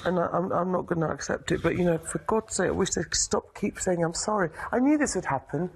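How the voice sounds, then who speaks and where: A woman's voice: fairly low pitch, expressive, brisk, slightly rough. A tearful woman venting in exasperation during casual conversation. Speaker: reality-show contestant. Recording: noisy house microphone.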